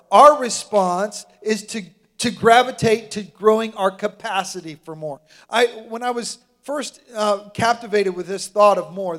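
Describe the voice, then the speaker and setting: A man preaching a sermon, telling a story with lively, acted-out quotes and asking the congregation to respond. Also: fairly high pitch. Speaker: pastor.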